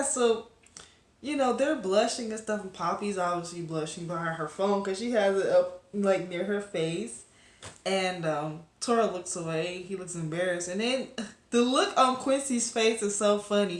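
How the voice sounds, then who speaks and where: A woman's voice: mid-range voice, moderate pace, reverberant. A woman reviewing a webcomic episode to camera in a casual, rambling chat full of fillers and asides to her viewers.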